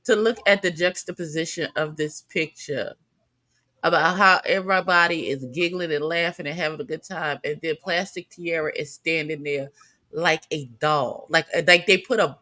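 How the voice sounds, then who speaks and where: Bright, sharp-voiced panelist, dry mic. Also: medium pitch, normal speed, no echo. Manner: expressive, acts out quotes, stumbles into points. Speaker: podcast panelist. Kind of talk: casual chat.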